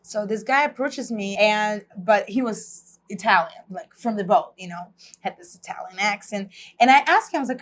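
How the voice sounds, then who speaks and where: Russian-accented woman, interview guest, animated storyteller who laughs a lot, mid-pitched voice. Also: moderate pace, hardly any pauses. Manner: lively storyteller, laughs often. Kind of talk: casual interview chat.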